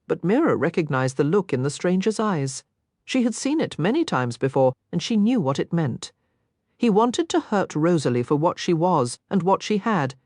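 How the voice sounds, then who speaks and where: Woman, audiobook narrator, scripted expressive reading, low voice, lively pitch, dry close recording. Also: normal speed, no echo.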